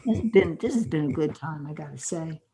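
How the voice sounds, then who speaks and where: A woman's voice: low-pitched, expressive, brisk, warm tone, breathy edge. An older woman, a guest author on a podcast interview, telling earnest stories with quoted dialogue.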